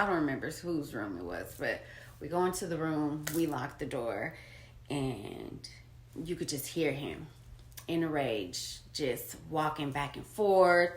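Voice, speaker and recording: A woman telling a raw personal story in a candid, unpolished way, swinging between hushed and loud. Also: low voice, reverberant. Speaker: storyteller sharing her own experience.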